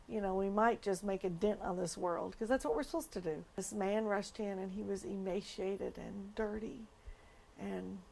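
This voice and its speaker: A woman's voice: mid-range voice, creaky, a little mellow, slight background noise. A woman pastor speaking in a documentary interview, earnest and emotional as she tells her story.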